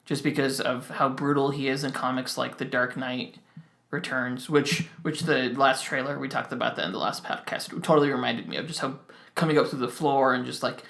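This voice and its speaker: A man's voice: mid-range voice, steady tone, fairly quick, vocal fry, fairly bright tone, echoey room. A young man co-hosting a podcast in casual chat, rambling with many restarts. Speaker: podcast co-host.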